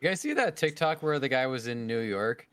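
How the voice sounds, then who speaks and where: A man co-hosting a casual podcast, joking around and telling stories with animated delivery. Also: medium pitch, a little fast, very noisy. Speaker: podcast co-host.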